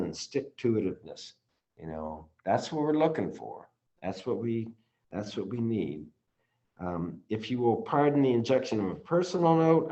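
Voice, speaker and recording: A man leading a study session, reading passages aloud and commenting with many pauses, restarts and ums, earnest and sometimes emotional. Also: on the low side, warm tone. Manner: earnest, gets emotional at times. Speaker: study group leader. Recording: slightly dull, lo-fi audio.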